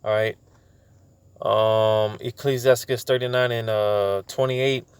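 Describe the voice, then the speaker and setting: A man giving an informal bible teaching, stumbling over words with many fillers and repeats, slowing down when he reads verses aloud. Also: fairly low pitch, fairly even intonation, smooth, no echo. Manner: slows down to read scripture aloud.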